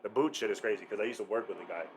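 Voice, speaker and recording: Man from Canada, fast-talking, profane, joking podcast co-host. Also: on the low side, background noise. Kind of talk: casual chat.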